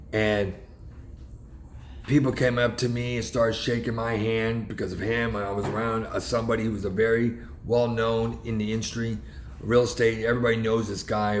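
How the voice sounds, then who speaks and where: A man's voice: fairly low pitch, roomy sound, slight background noise. A man casually telling a story in a rambling, emphatic way, often restarting his sentences. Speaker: realtor vlogger.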